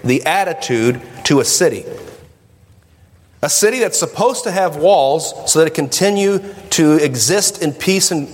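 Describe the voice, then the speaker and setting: A man preaching a sermon to a congregation, emphatic and questioning his listeners. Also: on the high side. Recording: echoey hall with long reverb.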